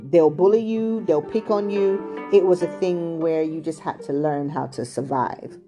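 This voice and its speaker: A woman's voice: fairly low pitch, normal speed, over music. A middle-aged British woman raised in England and Chicago, telling a casual, digressive childhood story full of "like" and "you know". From England, also raised in Chicago.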